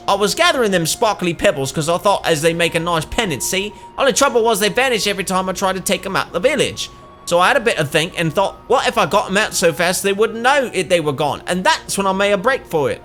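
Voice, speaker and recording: Man voicing a cheery high-pitched cockatrice in broad dialect, bouncy and lively. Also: fast, soft background music, heavily acted. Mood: chirpy. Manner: broad working-class British dialect; bright, high, cheery sing-song. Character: chatty scatterbrained cockatrice bird.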